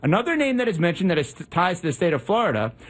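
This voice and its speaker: A sports radio host, a man, comes on a little out of breath. His voice sits high and husky, and his pitch rises and falls with energy as he walks through his analysis. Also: very fast. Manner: animated, talkative analysis.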